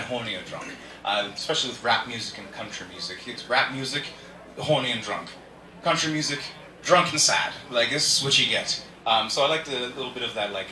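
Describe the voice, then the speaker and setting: Bright-voiced stand-up comedian man, echoey. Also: mid-range voice. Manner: rambling, self-deprecating, chatty asides to the crowd. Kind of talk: stand-up comedy set with a sung opening. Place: comedy club stage. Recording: echoey room, from far off, faint noise.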